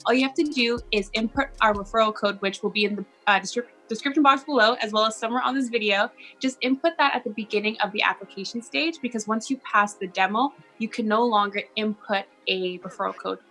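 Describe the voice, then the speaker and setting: A woman's voice: medium pitch, fast, few pauses, sharp tone. A woman mentor explaining an online teaching mock class in an upbeat, encouraging way. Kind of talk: instructional video chat.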